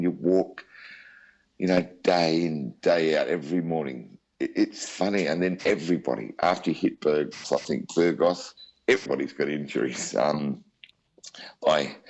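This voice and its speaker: An interview guest, an Australian man with an extremely deep voice, tells his story in a warm, chatty, anecdotal way, rambling from one aside to the next. The recording is dull and lo-fi.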